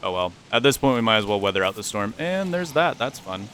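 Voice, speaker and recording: Male let's-play commentator, lowish bright forceful voice, self-deprecating chatter, faint hiss behind. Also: quick pace. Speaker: gaming YouTuber.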